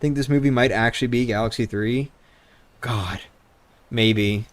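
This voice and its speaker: Streamer, young adult male, rambling and casual, smooth clear voice, mid pitch, handheld mic. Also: measured pace. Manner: rambling, chatty, swears casually. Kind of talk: casual livestream chat. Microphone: handheld microphone.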